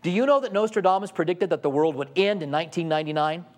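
Male pastor with a high voice, preaching in a chatty style, full of rhetorical questions. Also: fast talker, a little hiss or hum. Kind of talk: sermon.

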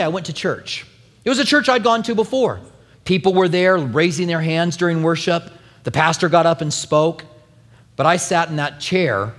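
A male pastor preaching a sermon, telling a personal story with lively, acted-out quotes. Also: fairly high pitch, in a large hall. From New Mexico.

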